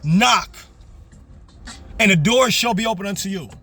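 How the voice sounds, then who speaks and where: A man's voice: high-pitched, expressive, a little slow, sharp tone. A man preaching a fervent, repetitive sermon from his parked car. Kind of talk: motivational sermon.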